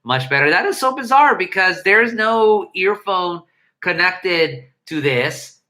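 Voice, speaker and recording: A man hosting a livestream, ranting in an animated, profane way into a headset mic. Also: sits high, slow pace, rough recording. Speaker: livestream host. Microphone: headset earpiece mic.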